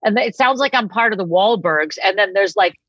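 A woman from Boston, a comedian chatting as a podcast guest, with an old-fashioned 1940s-style voice and an animated storytelling manner, on a slightly dull lo-fi recording. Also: mid-range voice, a little fast, no room sound. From Boston, USA. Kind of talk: casual interview chat.

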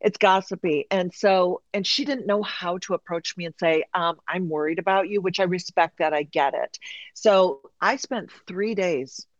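Woman guest, candid storytelling, animated, slips into quoted voices; dry, slightly dull sound. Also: lowish voice, measured pace, no echo. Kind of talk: candid personal story in conversation.

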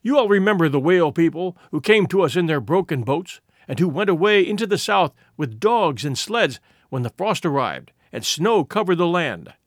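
A man's voice: fairly high pitch, very animated, normal speed, few pauses, dry recording, studio quality. A man voicing a shrewd tribal orator making a rhetorical, building speech in a storybook reading. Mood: persuasive.

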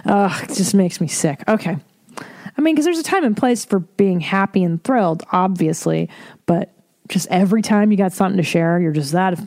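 A woman who is a mother hosting a solo podcast, chatting in a candid, profane and animated way. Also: lowish voice, moderate pace, vocal fry. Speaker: podcast host. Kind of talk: casual solo podcast chat.

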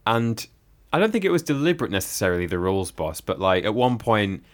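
A man with a very deep voice chats on a group podcast. He explains things in a dry, matter-of-fact way. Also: very animated, fast talker. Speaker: podcast co-host. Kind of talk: casual group chat.

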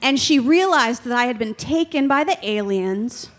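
A woman's voice: on the high side, expressive, moderate pace. A young adult woman doing stand-up comedy, telling a candid, rambling and self-deprecating story.

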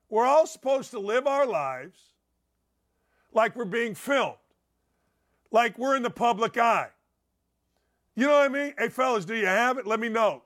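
A middle-aged man hosting a sports talk show, telling rambling, excitable stories and laughing at them. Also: very high-pitched. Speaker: sports radio host. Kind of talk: animated storytelling monologue.

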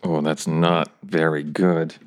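A low-voiced man playing a tabletop game makes dry, teasing remarks in a relaxed, casual way. His tone stays deep and even. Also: takes it slowly, noisy background. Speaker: player.

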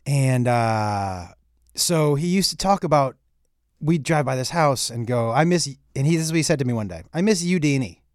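A man's voice: mid-range voice, normal speed, no room sound, studio quality. A middle-aged man, a comedian, telling a story in a casual chat, acting out the dialogue and swearing freely. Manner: animated storyteller, acts out dialogue, profane. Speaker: comedian guest.

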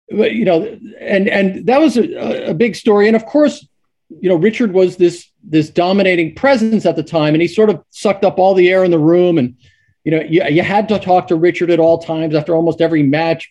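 A man's voice: sits high, warm tone, highs cut off. A middle-aged man, a sportswriter guest, telling stories casually with many restarts and fillers. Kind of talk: casual storytelling.

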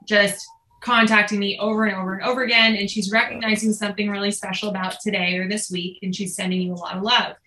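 A woman's voice: medium pitch, echoey room, rough recording. A woman telling a family story in a casual chat, acting out what people said. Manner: animated, quotes herself and others.

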